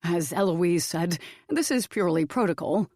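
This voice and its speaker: A nervous, stiffly polite male vampire official, voiced by a woman reading an audiobook. He sounds formal and uneasy. The voice sits a little low in a dry, close recording. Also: expressive, moderate pace, a little mellow, no echo. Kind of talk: audiobook character voice.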